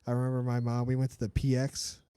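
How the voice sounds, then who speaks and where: A man's voice: medium pitch, monotone, fast talker, dark tone, clean tone, no room sound, studio quality. A man co-hosting a casual podcast, ranting bluntly with swearing and lots of filler words. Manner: blunt, profane, opinionated rants with many fillers. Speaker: podcast co-host. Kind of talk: casual chat.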